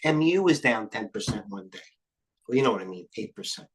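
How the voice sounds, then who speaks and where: A man's voice: fairly low pitch, animated. Rambling middle-aged male trading host. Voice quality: occasional cursing, blunt and fast-thinking. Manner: rambling, jumps between tangents. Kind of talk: live market commentary.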